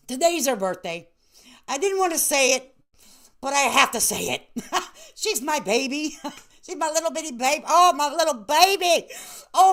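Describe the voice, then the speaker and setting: A woman's voice: fairly high pitch, fairly bright tone. Woman, late 30s, livestream host; loose, affectionate chatter with frequent laughs. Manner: chatty, laughs often, calls viewers honey and baby. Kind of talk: casual livestream chat.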